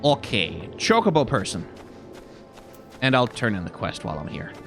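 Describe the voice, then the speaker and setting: A man's voice: mid-range voice, big pitch swings, normal speed, fairly bright tone, soft background music. A man hosting a let's play, rambling playfully and mocking himself while he plays. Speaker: gaming channel host.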